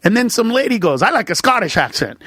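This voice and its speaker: A man talking as a comedian guest in a casual podcast conversation, telling animated stories and acting out voices. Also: sits high, fast talker, husky, dry recording, clean studio sound. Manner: animated storyteller, acts out voices and shouts.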